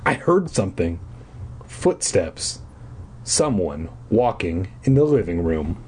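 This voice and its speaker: A man's voice: low voice, sing-song, slow, darkish tone, slight background noise. A man in his twenties reading a children's book aloud on a podcast, with wry, self-mocking asides. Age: 20s.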